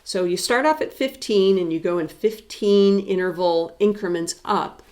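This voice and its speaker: A woman's voice: medium pitch, moderate pace, darkish tone. A woman professor giving a recorded psychology lecture, explaining step by step and putting rhetorical questions to her students.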